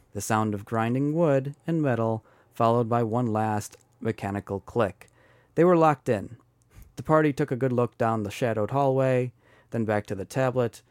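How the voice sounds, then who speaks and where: A man's voice: mid-range voice, a little mellow, no echo. Man, podcast host, wry dramatic storyteller, dry close sound. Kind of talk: storytelling narration.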